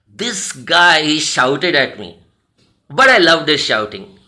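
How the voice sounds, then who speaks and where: Indian English male motivational trainer, slightly high, very sharp bright tone, earnest and repetitive for emphasis. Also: big pitch swings, slow pace. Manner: earnest, repeats phrases for emphasis. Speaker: personality development trainer. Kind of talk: motivational storytelling talk.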